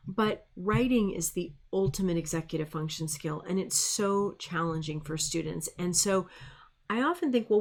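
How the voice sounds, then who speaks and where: A middle-aged woman, a speech pathologist, giving a friendly presentation full of classroom anecdotes and fillers. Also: on the low side. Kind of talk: presentation lecture.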